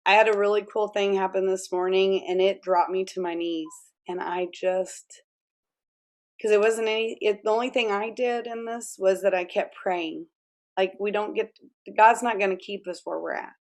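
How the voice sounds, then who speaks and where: Lively laughing woman telling stories. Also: medium pitch, normal speed. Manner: animated storyteller, laughs often, acts out quotes. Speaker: guest author. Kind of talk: conversational interview.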